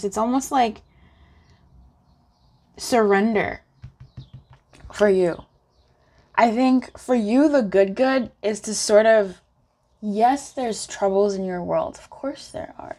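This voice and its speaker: A woman giving a casual pick-a-card tarot reading, chatty and encouraging, laughing often and rising in pitch when animated. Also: takes it slowly, long pauses. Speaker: tarot reader.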